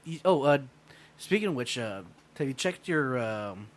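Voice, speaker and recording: A man's voice: mid-range voice, lively intonation, normal speed. A man, a guest on a casual podcast, telling a story in a rambling, hesitant way with lots of fillers.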